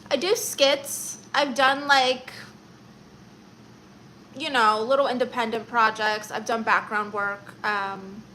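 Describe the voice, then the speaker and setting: A bright, lively woman chats casually on her live stream, reading out viewer comments and answering them playfully. Her voice sits a little high for a woman, and a faint ambient hum runs underneath. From Orlando, Florida. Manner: chatty, playful, reads viewer comments aloud.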